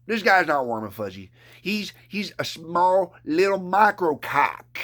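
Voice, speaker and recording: High, bright-voiced man ranting angrily. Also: animated, unhurried. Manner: ranting, profane and mocking; talks about himself in the third person. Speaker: streamer. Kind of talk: angry live-stream rant.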